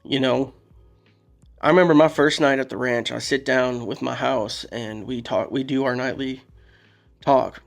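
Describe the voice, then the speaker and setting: A man's voice: medium pitch, fairly even intonation, unhurried, gravelly, soft background music. A man, possibly, telling a personal story in a candid, emotional way, rambling and restarting as he talks. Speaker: podcast guest. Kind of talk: casual storytelling.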